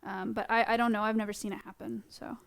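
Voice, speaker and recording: A young woman with a gravelly, mid-range voice and a level tone speaks at a quick pace. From a room inside an animal sanctuary, she chats casually on her live stream, gushing affectionately over a small bug.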